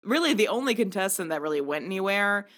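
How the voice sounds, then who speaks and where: A woman's voice: medium pitch, fast talker. A woman co-hosting a casual chat, telling stories animatedly and acting out what people said. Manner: animated storytelling, acting out quotes. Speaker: podcast co-host.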